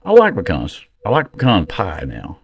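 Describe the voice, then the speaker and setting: A man's voice: low-pitched, huge pitch swings, moderate pace, vocal fry. A man co-hosting a podcast, chatting casually and throwing in playful jokes. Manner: playful, joking interjections. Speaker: podcast co-host. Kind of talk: casual chat. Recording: dull lo-fi audio.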